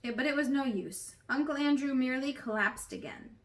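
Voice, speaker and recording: A woman narrating a storybook aloud in a gentle, measured way. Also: sits high. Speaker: audiobook reader.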